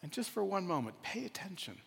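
A man's voice: sits high, very animated, brisk, creaky, a bit bright, breathy edge, in a large hall. A man giving a sermon as a rabbi, telling a story and then reflecting on it earnestly.

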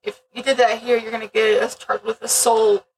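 Blunt, high-voiced woman co-host. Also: flat delivery, normal speed, creaky, far from the mic, a little hiss or hum, low-quality recording. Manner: blunt, swears freely, rambling asides. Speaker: podcast co-host. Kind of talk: casual chat.

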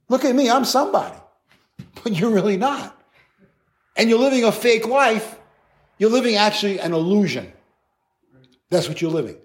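A male pastor preaching a sermon in an animated, conversational way, with playful acted asides. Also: high-pitched.

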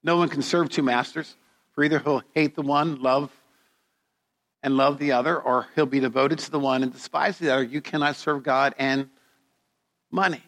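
A middle-aged man preaching a sermon as pastor, speaking slowly and deliberately, with dramatic storytelling. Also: medium pitch, steady tone, a bit bright, big-room sound.

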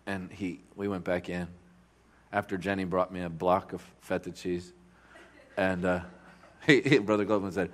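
A man preaching as a guest speaker in a church. He tells a story with lots of animation, chuckles often, and breaks into loud bursts. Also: mid-range voice, animated, a little fast. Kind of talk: storytelling sermon.

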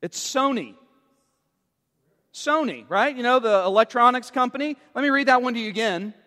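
A man's voice: extremely high pitch, lively intonation, normal speed, bright, forceful tone, in a large hall. A man preaching a sermon as a pastor, quizzing and teasing his congregation with playful jokes.

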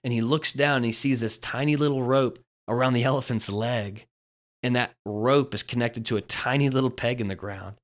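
A man's voice: mid-range voice, a bit bright. A man hosting a devotional podcast, talking in an earnest, storytelling way. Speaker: podcast host.

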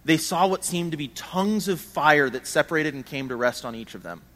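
A man's voice: fairly high pitch, animated, fairly quick, pushed and bright. A man preaching a sermon in an earnest, conversational way, often repeating words as he builds his points.

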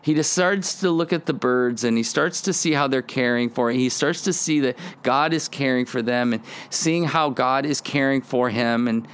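A man's voice: medium pitch, moderate pace, hardly any pauses, a bit bright, clean tone. A man hosting a devotional podcast, teaching in an earnest, conversational way and sometimes acting out prayers. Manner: earnest, conversational, acts out prayers in quoted lines. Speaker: podcast host teaching on the Psalms.

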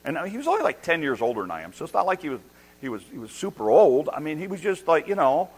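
A middle-aged man preaching a sermon as a pastor, telling a story with animated, self-deprecating humor and excited restarts. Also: on the high side, rapid-fire, slightly rough, rough recording. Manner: restarts and repeats words when excited.

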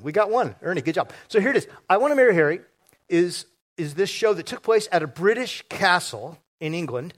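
Male pastor, slightly high voice; lively, joking sermon delivery with audience asides. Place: church sanctuary before a congregation.

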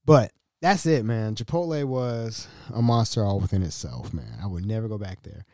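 Male podcast host, casual storyteller who acts out every line; lively pitch, mellow timbre. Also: moderate pace, dry recording, clean studio sound. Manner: animated, acts out dialogue in voices.

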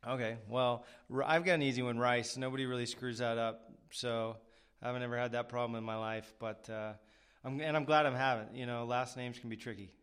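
A man's voice: medium pitch, steady tone, a little fast, fairly bright tone, clear, resonant tone. A man hosting a podcast interview, rambling casually with lots of fillers and self-deprecating asides. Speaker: podcast host.

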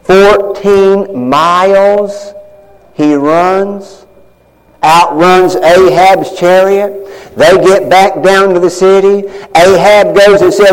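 A man with a high voice preaches a sermon, dropping to a hushed near-whisper and then rising to loud, high-pitched calls. His voice rings out with a long reverb through the church hall. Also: steady tone, slow pace, smooth. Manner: dramatic swings from hushed to shouting. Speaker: pastor.

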